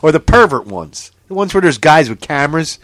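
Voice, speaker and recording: A man's voice: fairly high pitch, fairly quick, no room sound. A man co-hosting a casual chat, telling stories with lots of swearing, laughter and incredulous outbursts. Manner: animated, profane storytelling with frequent laughter. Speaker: podcast co-host.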